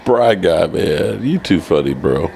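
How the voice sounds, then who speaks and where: A man's voice: sits low, measured pace, gravelly, a crowd in the background. A man co-hosting a sports stream, sleepy and yawning, calling plays and telling stories with laughs. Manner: laughing, animated storytelling. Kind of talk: casual sports chat and play-by-play.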